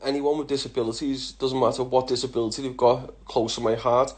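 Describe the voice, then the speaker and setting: A man's voice: mid-range voice, little pitch movement, fairly quick. Blunt swearing Liverpool man. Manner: blunt, heavy swearing, laughs often. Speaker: vlogger answering follower questions. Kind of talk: casual Q&A chat.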